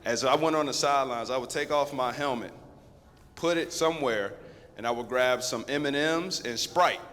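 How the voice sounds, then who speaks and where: A man in his thirties, a guest speaker at a school, telling a lively story straight to the students. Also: mid-range voice, moderate pace. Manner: lively, conversational, addresses the crowd directly. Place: school assembly hall. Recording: long echo of a big hall.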